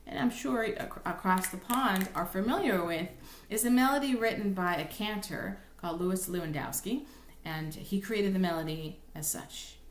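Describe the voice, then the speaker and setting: Cantor woman teaching, roomy echoey sound. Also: mid-range voice. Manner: patient, explanatory, thinks aloud with restarts; breaks into slow sung examples. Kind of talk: recorded lesson explaining chant melodies.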